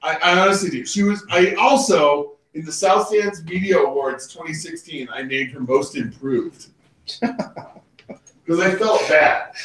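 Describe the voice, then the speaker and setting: A man co-hosting a podcast, telling stories in a lively, animated way. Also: fairly high pitch, a little slow. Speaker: podcast co-host. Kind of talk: casual storytelling chat. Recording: roomy room with faint noise.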